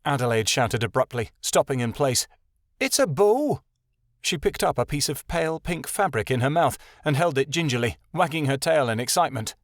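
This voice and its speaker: A man narrating a fantasy audiobook in an expressive storytelling style. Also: medium pitch, brisk, hardly any pauses, no echo, clean studio sound. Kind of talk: scripted narration.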